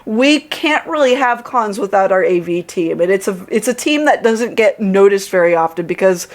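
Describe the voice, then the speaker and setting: A woman's voice: mid-range voice, expressive, normal speed. A woman hosting a livestream's closing remarks, thanking the team in a bubbly, effusive way. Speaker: convention staff host.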